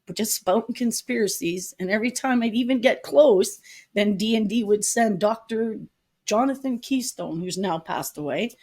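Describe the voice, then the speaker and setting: A woman's voice: medium pitch, normal speed, a little mellow. A middle-aged woman, a podcast guest, earnestly telling a personal story and acting out the people she quotes. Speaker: podcast guest, public advocate. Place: retreat venue.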